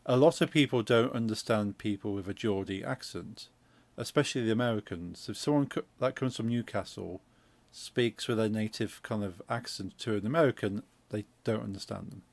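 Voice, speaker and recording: A man with a Midlands accent explains things in a loose, rambling way, stopping and restarting as he goes. His voice has a gravelly edge. The recording is dry and close. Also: fairly low pitch, normal speed, hardly any pauses, dry recording. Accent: English Midlands. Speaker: streamer host. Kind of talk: casual chat while gaming.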